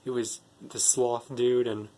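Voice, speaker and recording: A man's voice: mid-range voice, little pitch movement, slow, dark tone. Man rambling through a movie recap. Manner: rambling plot retelling, strings clauses with "and then" and "like". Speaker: movie reviewer. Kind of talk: casual spoken movie recap.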